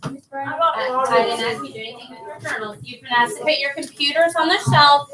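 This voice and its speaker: A woman's voice: high-pitched, fairly quick, crowd noise. A middle-aged woman teacher giving matter-of-fact reminders to a class. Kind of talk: classroom instruction. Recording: echoey classroom from far off, noisy class.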